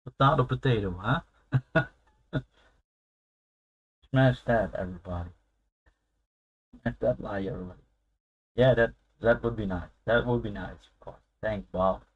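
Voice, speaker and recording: A man's voice: lowish voice, a little slow, long pauses, dull audio. A man hosting a casual live stream, chatting loosely and laughing often as he answers his viewers.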